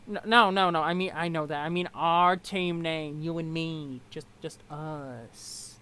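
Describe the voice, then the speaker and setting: A woman's voice: deep voice, steady tone, measured pace, a bit bright, a little hiss or hum, low-quality recording. A woman voicing a scheming, chatty troll girl in a put-on Southern US accent, wheedling and sing-song. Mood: eager.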